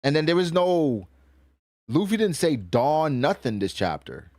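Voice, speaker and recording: Animated slangy man ranting to his chat. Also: fairly high pitch, a little slow, no echo, clean studio sound. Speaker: streamer reacting to a comic chapter and reading chat. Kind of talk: casual reaction stream chat.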